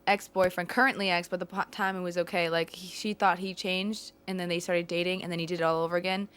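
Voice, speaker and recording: Fast-talking giggly young woman. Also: lowish voice, little pitch movement, a bit bright, smooth. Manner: giggly, talks over others. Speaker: podcast host. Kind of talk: casual chat.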